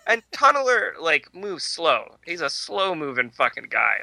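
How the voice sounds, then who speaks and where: A man's voice: on the high side, lively intonation, measured pace, gravelly, bright, forceful tone. A young man co-hosting a casual movie podcast, riffing crudely and laughing often. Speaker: podcast co-host.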